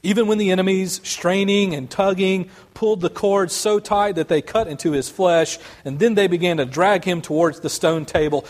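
A man's voice: high-pitched, steady tone, moderate pace, hardly any pauses, darkish tone. A male pastor preaching a sermon and reading a story aloud, earnest and sometimes restarting words.

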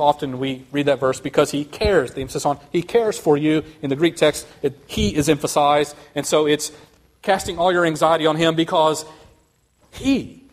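Male pastor, sermon, slightly high voice, earnest, emphatic rising runs. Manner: earnest, building to fast emphatic rises.

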